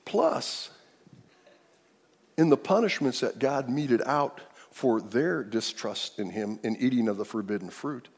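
Older guy preaching, husky voice, swoops way up and down, keeps restarting his words. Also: mid-range voice, animated, unhurried, darkish tone, long reverb tail. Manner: emphatic, repeats words and restarts phrases. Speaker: pastor. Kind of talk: sermon.

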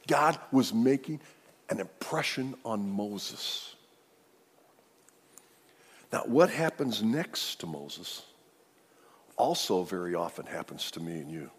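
A pastor preaching a sermon, retelling the story in an animated way that swings from hushed to emphatic. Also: male voice, on the low side, unhurried, pauses often, breathy edge, in a large hall.

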